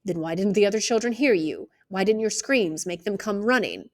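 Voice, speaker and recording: Woman reading as a calm, patient male lawyer. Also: medium pitch, natural voice. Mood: probing. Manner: measured, probing questions.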